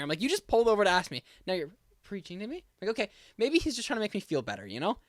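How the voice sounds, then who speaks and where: A young man on a podcast telling a long story, animated and acting out both sides of the conversation. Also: on the high side, a little fast, no room sound, clean studio sound. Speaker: podcast co-host. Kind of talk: casual storytelling.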